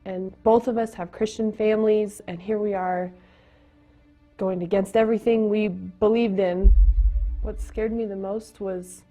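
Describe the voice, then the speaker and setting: A young woman giving a personal testimony, speaking in a halting, emotional way with pauses and restarts. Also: medium pitch, fairly even intonation, dark tone. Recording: dull lo-fi sound with faint music.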